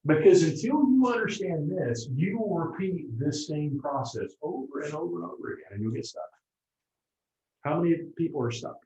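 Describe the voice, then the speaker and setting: Male motivational speaker, lively, keeps asking the group if they're with him; roomy, muffled room sound. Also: on the high side, normal speed. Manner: animated, keeps checking in with the audience. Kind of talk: motivational seminar talk to a live group. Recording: roomy, dull lo-fi room recording.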